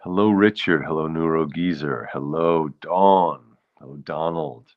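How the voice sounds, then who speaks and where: A man's voice: very deep voice, unhurried, lo-fi sound. A man with a New York accent, from the Bronx, hosting a casual live stream, rambling and greeting viewers between thoughts. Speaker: host.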